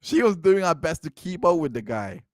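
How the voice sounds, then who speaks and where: A man's voice: fairly high pitch, very animated, moderate pace, no echo. A man hosting a channel, giving casual commentary on court transcripts, often repeating himself and making incredulous asides. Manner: repetitive, restarts phrases, incredulous asides.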